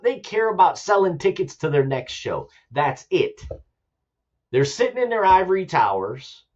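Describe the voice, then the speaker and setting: A man's voice: fairly high pitch, very animated, moderate pace, lo-fi sound. A man hosting his own show, ranting about politics in an impassioned, repetitive way and swearing for emphasis. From United States. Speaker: show host, army veteran.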